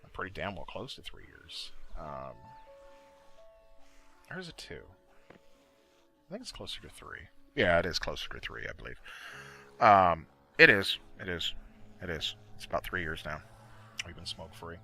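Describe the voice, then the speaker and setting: Male gaming creator, deep voice, bright tone, lively swings in pitch, loose and profane, faint music underneath. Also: normal speed, long pauses, slightly rough. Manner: rambling, profane, frequent fillers and self-corrections. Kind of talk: casual voice-over commentary. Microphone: desktop mic, voice-over recording.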